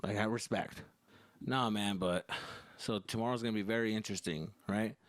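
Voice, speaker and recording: A man from Arizona, a comedian, telling profane, animated stories in a casual podcast monologue. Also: lowish voice, normal speed, dry recording, clean studio sound.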